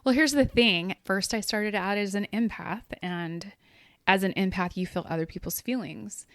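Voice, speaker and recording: A woman co-hosting a podcast as a medium, chatting casually and telling stories with lively laughs. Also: medium pitch, normal speed, dry recording, studio quality. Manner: animated storyteller, laughs often. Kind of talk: casual chat.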